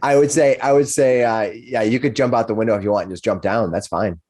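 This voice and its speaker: Male dungeon master, mid pitch, halting delivery full of restarts. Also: steady tone, a crowd in the background. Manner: halting, restarts often, laughs between lines. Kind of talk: narrating a tabletop game.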